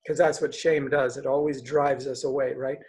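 A man preaching a sermon, telling a story in an earnest, conversational way with halting restarts. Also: mid-range voice, flat delivery, darkish tone. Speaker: pastor.

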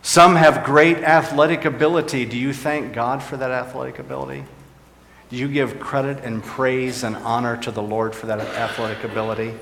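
A man's voice: medium pitch, fairly even intonation, moderate pace, creaky, a bit bright, a little hiss or hum. Pastor guy preaching, lifts and drops his voice a lot, big echoey church hall. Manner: preaching, rising and dropping for emphasis. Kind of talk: sermon.

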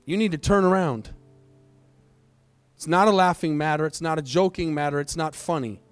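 Male pastor praying hard at a church service, kinda high voice, swings loud then hushed. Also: normal speed, clear, resonant tone, dry recording, faint music behind. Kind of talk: sermon prayer and altar call. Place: church sanctuary, also streamed online.

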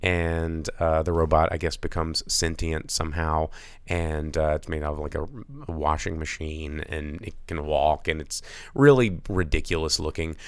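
A man co-hosting a casual movie chat, tired and with a raw throat, rambling and animated with many restarts. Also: very deep voice, moderate pace, clear, resonant tone, no room sound. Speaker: podcast co-host.

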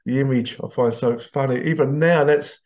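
A man's voice: mid-range voice, fairly even intonation, moderate pace, darkish tone, muffled recording. A middle-aged man, casually telling stories to camera and breaking into laughter as he goes. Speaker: vlogger.

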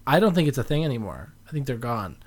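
A man's voice: medium pitch, big pitch swings, fast. A man giving wry, self-mocking asides while commenting on an old episode of a podcast. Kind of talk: casual commentary.

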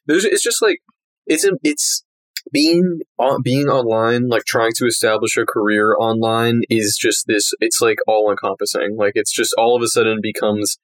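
A man's voice: mid-range voice, fairly even intonation, moderate pace, no echo. A man who draws comics, chatting casually as a podcast guest and laughing easily. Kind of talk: casual chat.

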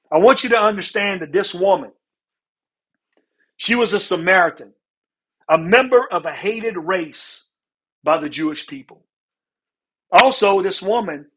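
A man's voice: high voice, fairly bright tone, husky. A man preaching a sermon in an earnest way. He often stops to ask "right?" and repeats words. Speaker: pastor.

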